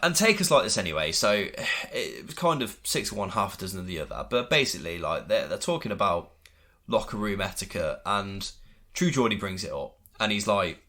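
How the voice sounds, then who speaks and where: A man's voice: lowish voice, very animated, a little fast, pushed and bright. A man co-hosting a casual chat. He rants in heated bursts, swears a lot and mocks others by quoting them in put-on voices. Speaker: podcast co-host.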